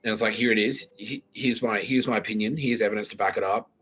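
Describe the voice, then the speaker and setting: A man's voice: fairly low pitch, steady tone, quick pace, fairly bright tone, slight background noise. A young man hosts a rambling solo podcast, talking casually, with a lot of slang and swearing. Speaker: podcast host.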